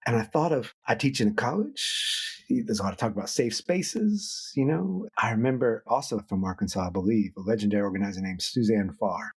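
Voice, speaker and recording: Husky, low-voiced middle-aged man. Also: brisk, few pauses. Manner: animated, acts out quoted voices. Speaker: author and guest. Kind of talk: podcast interview conversation.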